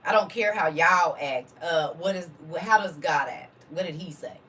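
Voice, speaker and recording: A woman's voice: lowish voice, moderate pace, fairly bright tone, far from the mic, a little hiss or hum. A woman preaching to a congregation in a fervent, informal way, full of rhetorical questions and casual vernacular.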